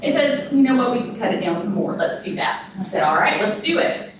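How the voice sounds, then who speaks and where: A woman with a Texan accent gives a talk at a conference, telling stories and acting out both sides of each exchange. She sounds far from the mic in a very echoey room. Steady background noise runs under her voice. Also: fairly high pitch, fast. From Texas. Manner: animated storytelling, acts out dialogue. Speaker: conference speaker. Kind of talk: presentation with audience Q&A.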